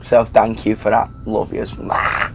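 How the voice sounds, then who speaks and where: A man's voice: lowish voice, monotone, a little slow, vocal fry, slight background noise. A young man with a Yorkshire accent, a musician guest in a casual interview, cheeky and playful, swearing freely and calling people "man". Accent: Yorkshire English. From Yorkshire, England.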